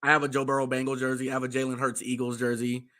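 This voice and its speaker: A man with a hoarse, worn-out voice talks casually as a co-host. His tone is bright and forceful even through the rasp. He is excitable and laughs often. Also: medium pitch, very fast. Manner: excitable, laughing fan talk. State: hoarse, voice nearly gone. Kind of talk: casual chat.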